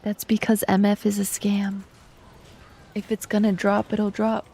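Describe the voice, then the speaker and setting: A woman game streamer chatting casually on a live stream, relaxed and chatty, talking to her chat and humming along while she plays. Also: mid-range voice, measured pace, vocal fry.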